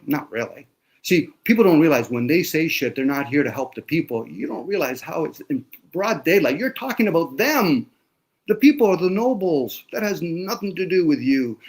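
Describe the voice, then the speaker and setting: Blunt, swearing man ranting. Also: fairly high pitch. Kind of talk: casual conversation.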